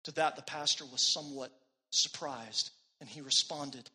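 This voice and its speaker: A man preaching a sermon as pastor, earnest, swelling louder on key phrases and dropping soft at the ends of lines. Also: medium pitch, normal speed, slightly rough.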